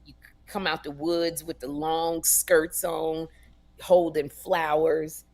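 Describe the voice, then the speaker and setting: A woman co-hosting a comedy podcast, telling stories in a sassy, animated way and acting out voices. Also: deep voice, slow pace. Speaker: podcast co-host. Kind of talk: casual comedic storytelling.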